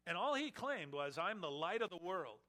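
A man's voice: sits high, normal speed. A man preaching an expository sermon, acting out the questioners' mocking lines as he explains the text. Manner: animated, acts out the questioners with mocking voices. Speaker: pastor.

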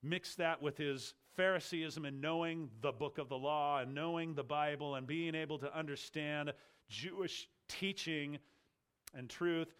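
A man preaching an explanatory sermon, stressing key words and slowing down for emphasis. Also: on the high side, fairly bright tone, clear, resonant tone.

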